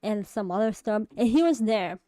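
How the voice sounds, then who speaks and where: A woman's voice: medium pitch, expressive, normal speed, warm tone, no echo. A woman vlogger talking casually to camera, rambling and hesitant with many fillers and restarts, often laughing at herself. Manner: self-deprecating, laughs often. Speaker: vlogger and animator.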